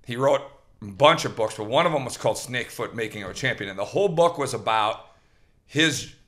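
A man hosting a podcast, telling a long, rambling story in an animated, casual way, with restarts and quoted lines. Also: mid-range voice, brisk. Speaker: host.

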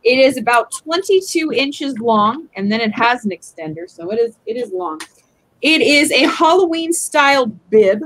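A woman's voice: high voice, animated, normal speed, fairly bright tone, no room sound, poor audio. A woman hosting a live jewelry auction stream, chatting casually as she describes each piece.

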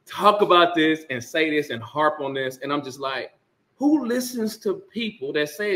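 A man's voice: fairly high pitch, very animated, moderate pace, sharp tone. A man hosting a casual sports talk rant, emphatic and sarcastic with laughing asides. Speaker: sports commentary host.

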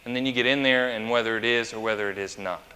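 A man's voice: mid-range voice, fairly even intonation, fast talker, pushed and bright. A male pastor preaching a conversational sermon, chatty and anecdotal, who asks the congregation questions. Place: church sanctuary. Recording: long church reverb.

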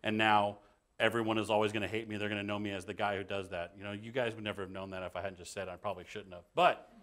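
A man speaking on a panel as an improv performer, telling stories in an animated, self-deprecating way. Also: on the low side, racing. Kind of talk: conversational panel talk.

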